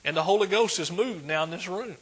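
A man preaching a sermon, emphatic, swinging between loud declarations and hushed asides. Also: high-pitched, fairly quick, breathy edge.

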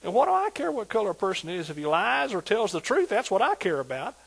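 An older man, a pastor, preaching an animated sermon in a folksy, colloquial way and often asking whether his listeners are with him. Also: sits high, quick pace, gravelly, husky, rough recording. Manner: animated preaching, asks "are you with me?" repeatedly.

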